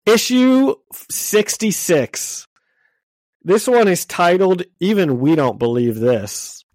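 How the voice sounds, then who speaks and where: A man's voice: a little high, big pitch swings, a little slow, a little mellow, dry recording. A congested man co-hosting a casual comic book podcast, chatty and self-deprecating, often laughing. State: congested from illness. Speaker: podcast co-host.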